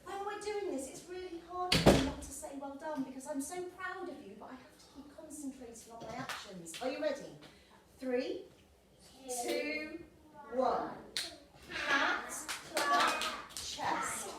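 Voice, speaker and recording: High, upbeat woman teaching a class. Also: moderate pace, heavy background noise. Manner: upbeat, encouraging, chanting patterns. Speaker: primary school teacher. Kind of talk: classroom maths lesson. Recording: echoey classroom from a distance.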